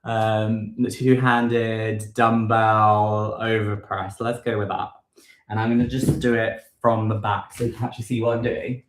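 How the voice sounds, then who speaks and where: Slow halting man in an echoey room. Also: fairly low pitch, flat delivery, slight background noise. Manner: slow, halting, thinks aloud with many ums and self-corrections. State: a bit out of breath. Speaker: fitness vlogger leading a live workout. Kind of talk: casual live workout instruction. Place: room at home.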